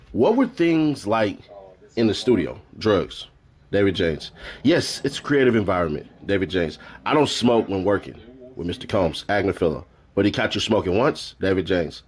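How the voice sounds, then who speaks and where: A man's voice: on the low side, a little mellow. A man on a live stream reading courtroom notes aloud, raising his voice for quoted lines and adding joking asides.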